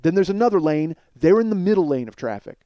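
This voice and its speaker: A man in his forties, a comedian host, telling a long story in a blunt, profane, animated way. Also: high-pitched, fast talker, no room sound, dull audio. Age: 40s.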